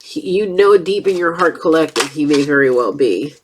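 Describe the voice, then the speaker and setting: Woman tarot reader, stuffed up, lowish voice, chatty and blunt, faint background noise. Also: lively intonation, moderate pace. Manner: chatty, blunt, swears casually. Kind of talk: casual tarot reading.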